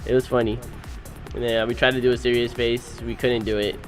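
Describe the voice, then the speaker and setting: A young man, recently married, narrating his wedding photos in animated, slangy, casual storytelling. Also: mid-range voice, faint music behind. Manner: animated, slangy storytelling with quick voice-acted quotes. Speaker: groom.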